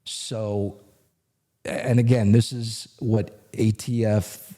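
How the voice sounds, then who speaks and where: A middle-aged man, a retired federal agent, telling a story in an animated, conversational way as a guest. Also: lowish voice, slow. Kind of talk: storytelling in a podcast interview.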